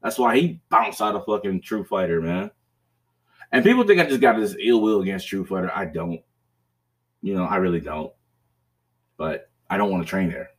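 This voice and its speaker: A man's voice: sits low, lively intonation, normal speed, pauses often. A man hosting a podcast, telling a story in casual chat, profane and rambling, with restarts and bursts of laughter. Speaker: podcast host.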